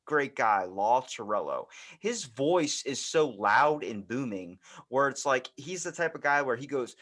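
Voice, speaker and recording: A podcast host with a Baltimore accent chats in a loose, animated way. He tells stories with plenty of swearing. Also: mid-range voice, unhurried. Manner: animated storytelling, swears freely. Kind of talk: casual chat.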